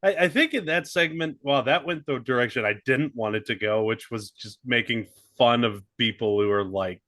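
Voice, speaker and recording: A man's voice: moderate pace, dry recording, studio quality. A man co-hosting a comedy sports podcast, telling goofy stories and laughing often. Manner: animated storytelling, jumps into goofy high put-on voices, laughs often. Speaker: podcast co-host. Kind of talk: casual comedic chat.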